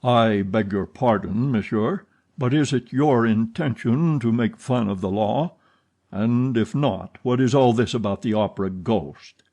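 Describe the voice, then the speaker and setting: A man voicing a solemn police commissary in an audiobook, asking measured, probing questions. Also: medium pitch, warm tone. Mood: skeptical. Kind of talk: audiobook character reading.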